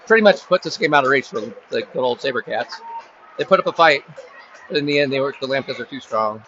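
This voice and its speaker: Casting: male local sports announcer, rambling and jokey, bright voice, faint crowd noise behind. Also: mid-range voice, expressive, brisk. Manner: chatty, rambling, jokes aside to friends. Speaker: play-by-play announcer. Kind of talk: casual local sports commentary. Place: high school football stadium. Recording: dull lo-fi sound with faint crowd ambience.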